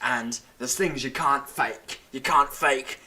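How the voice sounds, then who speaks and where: Man playing a cheeky Cockney lad, blunt, cocky, a bit quieter and slower. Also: medium pitch. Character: cheeky working-class young man.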